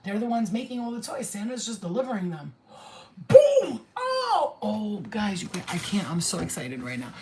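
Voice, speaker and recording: A woman chatting casually on a spiritual livestream, excitable and slangy, swearing freely. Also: medium pitch, fairly quick, few pauses, echoey room, slight background noise, poor audio.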